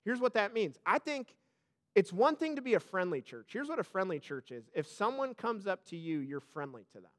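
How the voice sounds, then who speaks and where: A male pastor preaches with emphasis, addressing the congregation directly in a high, quick voice full of big pitch swings. He builds to loud peaks, falls back soft, and repeats his words often.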